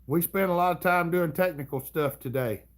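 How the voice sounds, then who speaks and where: A man's voice: a little high, moderate pace. A middle-aged man with a Southern US accent, hosting a casual livestream and chatting in a drawling, chuckling, folksy way. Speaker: livestream host. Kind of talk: casual live chat reading comments.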